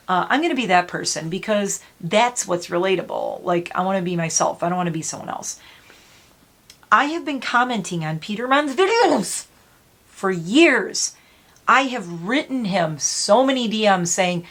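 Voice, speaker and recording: A woman in her fifties talking to camera in a casual, rambling way, blunt and sweary with quick self-mocking asides, her throat dry enough that she clears it now and then. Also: medium pitch, lively intonation, a bit bright. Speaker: beauty YouTuber.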